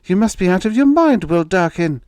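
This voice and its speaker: A man's voice: sits high, big pitch swings, normal speed, a little mellow, smooth, no room sound, pitched above the performer's own voice. A man voicing a frightened mother pleading with her husband in an audiobook reading.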